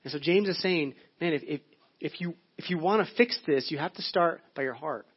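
A man's voice: a little high, brisk, husky. A male pastor giving a sermon in a conversational, storytelling way. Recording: dull lo-fi audio.

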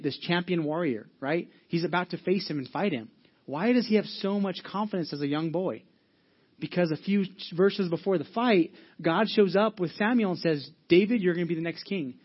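The audio is dull, carrying a pastor's high, slightly rough voice as he preaches. His style is sincere and conversational, with many restarted sentences and fillers.

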